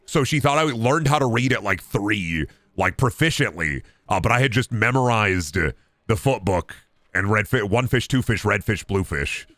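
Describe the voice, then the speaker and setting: A man in his thirties hosts a game stream with a somewhat low voice. He rambles from bit to bit, swears freely and jokes with his chat. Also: a bit bright, no room sound. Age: 30s. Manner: rambling, profane, jokey, riffing on chat.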